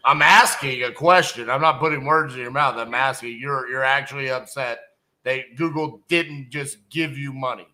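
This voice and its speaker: A man from Texas, a real estate wholesaler hosting a live sales call, asking calm, logical questions. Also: mid-range voice, normal speed, rough recording.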